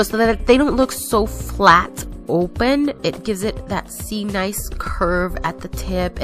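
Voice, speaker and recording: A woman narrates her nail tutorial casually, rambling, correcting herself, and sounding a little out of breath. Her medium-pitched voice is pushed and bright. It's a voice-over with faint music underneath.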